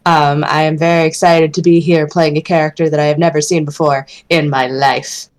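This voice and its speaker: Low-voiced woman, playful, kinda rambly intro on a game stream. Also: little pitch movement, brisk. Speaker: player. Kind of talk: casual chat.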